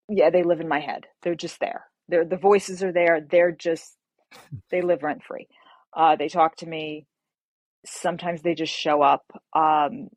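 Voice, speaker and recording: Woman novelist guest, low voice, animated, dry recording. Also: dry recording. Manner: animated storyteller, acts out quotes. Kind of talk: casual interview chat.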